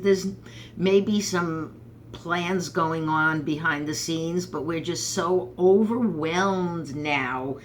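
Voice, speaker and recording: A Brooklyn, New York woman with a low voice hosts a rambling, sarcastic political commentary monologue punctuated by animated asides. A little hiss or hum runs under the recording.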